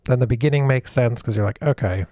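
A man's voice: mid-range voice, steady tone, quick pace, dark tone, no room sound, studio quality. A man co-hosting a casual film discussion, laid-back, often answering with short agreeing words.

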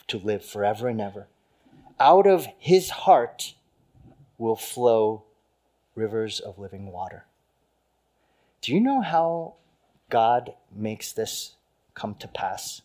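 A male pastor giving a conversational sermon, swinging from loud emphasis to hushed lines. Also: mid-range voice.

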